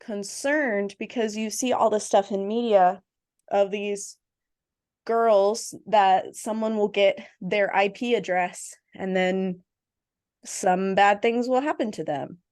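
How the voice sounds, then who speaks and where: A woman hosts a podcast in a relaxed, chatty way, telling stories about her family with quick asides. Her voice sits at an everyday middle pitch. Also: clean tone. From family from Jamaica. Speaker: podcast host. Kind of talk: casual chat.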